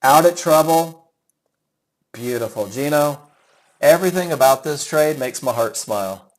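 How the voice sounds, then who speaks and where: A man's voice: a little high, animated, a little slow, low-quality recording. A middle-aged man teaching a live trading webinar, chatty and enthusiastic, calling students by name as he reviews their trades. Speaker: trading instructor.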